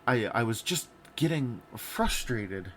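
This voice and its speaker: Podcast guy, laid-back and candid, telling his own stories, mid-low voice, light hiss. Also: expressive, slow. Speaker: podcast co-host. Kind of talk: casual podcast discussion.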